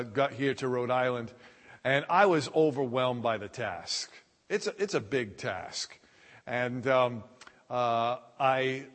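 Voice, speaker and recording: A middle-aged man preaching a sermon as pastor, telling a personal story with frequent restarts and fillers. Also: a little high. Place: church sanctuary. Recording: long hall reverb.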